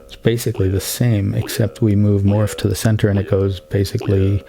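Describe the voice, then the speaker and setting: A man casually explaining synthesizer settings step by step, in a relaxed hands-on demonstration. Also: fairly low pitch, fairly quick, gravelly. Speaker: synth tutorial host. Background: synthesizer sounds playing.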